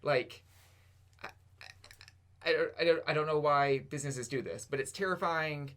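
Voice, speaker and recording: On a podcast he co-hosts, a man chats casually, dropping wry, sarcastic jokes and asides. His voice is a little high and fairly bright, at a moderate pace.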